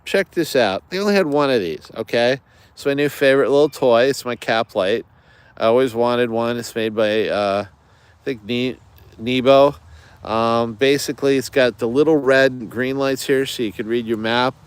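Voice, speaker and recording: A man's voice: medium pitch, normal speed, smooth, no echo. Chatty man livestreaming outdoors. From United States. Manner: chatty, digressive, many fillers, greets viewers. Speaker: outdoors channel host. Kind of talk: rambling livestream chat. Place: outdoors in woods.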